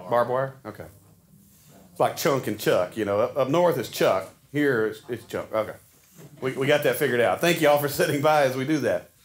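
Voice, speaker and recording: Speaking at a moderate pace with a medium-pitched, expressive voice, an Arkansas pastor delivers a sermon to his congregation in the church sanctuary. He keeps it folksy and chatty, often restarting his sentences.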